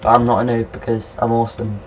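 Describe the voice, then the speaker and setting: Young guy, mid-pitched, excitable gameplay commentary, rambles and curses, keyboard clicks faint behind. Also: quick pace, a little hiss or hum. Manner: excitable, rambling, swears at monsters. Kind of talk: casual let's-play commentary.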